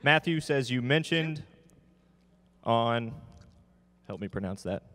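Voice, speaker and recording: A man's voice: medium pitch, expressive, slow pace, fairly bright tone, a little hiss or hum. Man reading out questions in a hall. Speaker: moderator reading audience questions. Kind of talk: reading questions aloud at a live session. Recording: long reverb from a conference hall.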